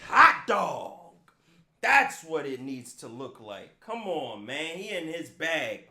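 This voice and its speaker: A man hosting a live reaction stream, talking casually with loud, joking outbursts. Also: fairly high pitch, very animated, takes it slowly, heavy background noise. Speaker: livestream host reacting to videos.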